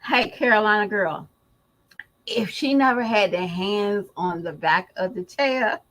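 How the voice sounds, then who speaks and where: Slow-talking, slangy woman vlogger. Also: medium pitch, lively intonation, fairly bright tone, poor audio. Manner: slangy, laughing, drawn-out and emphatic. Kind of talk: casual gossip commentary.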